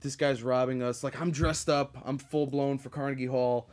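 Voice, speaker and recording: A man's voice: mid-range voice, steady tone, moderate pace, darkish tone. Rambling, profane podcast host, a man. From Connecticut. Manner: profane, rambling, with frequent fillers and laughs. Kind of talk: casual storytelling monologue.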